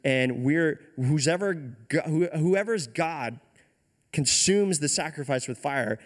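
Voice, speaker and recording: A man's voice: a little high, expressive, slow. Man doing a chill, slangy prophet. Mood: casual. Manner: casual slangy, unbothered. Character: laid-back, bold male prophet, talks like a buddy.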